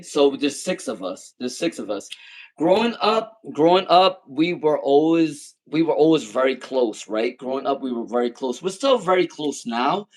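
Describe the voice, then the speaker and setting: A man in his thirties telling a personal story in casual monologue, emphatic and animated, often repeating his points. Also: mid-range voice. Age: 30s. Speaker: tarot channel host.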